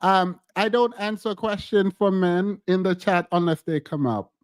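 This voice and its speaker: A man's voice: sits high, unhurried, clear, resonant tone, no echo. A man co-hosting a livestream, chatting casually and teasingly with viewers, laughing often and repeating phrases. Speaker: livestream co-host.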